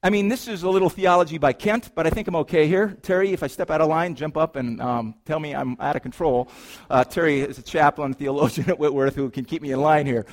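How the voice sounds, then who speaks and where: A pastor with a slightly high voice preaches to his congregation in a playful, animated way. He shifts between slow, hushed lines and loud, excited ones.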